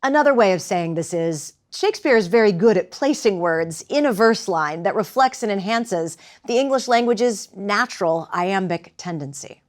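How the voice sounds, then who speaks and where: A woman acting teacher giving a lecture with demonstrations, speaking in a clear, measured way. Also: medium pitch, animated.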